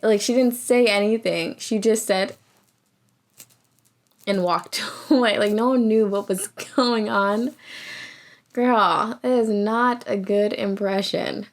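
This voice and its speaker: A woman's voice: mid-range voice, slow. A woman recapping a reality show in a casual, chatty way, laughing often and acting out what people said. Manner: animated, laughs often, acts out quotes.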